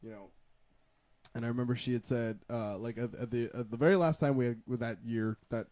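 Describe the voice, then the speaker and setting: A man's voice: medium pitch, steady tone, fairly quick, darkish tone, no room sound. A man in casual chat, rambling through a personal story with many restarts. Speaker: podcast co-host.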